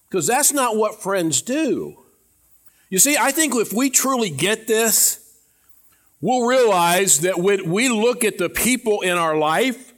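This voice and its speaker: A male pastor delivers a sermon to his congregation in a fairly high voice. He talks conversationally, repeats words as he goes, and sinks into hushed, low tones to drive his points home. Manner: earnest preaching, drops to quiet low tones for emphasis. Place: church with a congregation.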